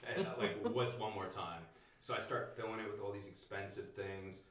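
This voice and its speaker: A young male guest tells a story casually and with animation, swearing freely and laughing his way through it. His voice sits on the low side at a moderate pace, picked up by a distant mic in an echoey room with a faint hiss or hum.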